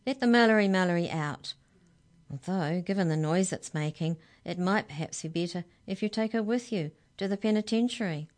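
A woman voicing a grave, commanding female official in a children's storybook, giving crisp, clipped orders. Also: lowish voice, normal speed, lightly acted. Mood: hurried. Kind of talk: storybook reading.

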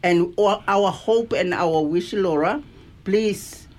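A woman co-hosting a community radio show, speaking warmly in a sing-song way. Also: mid-range voice, slow pace. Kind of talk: radio farewell chat.

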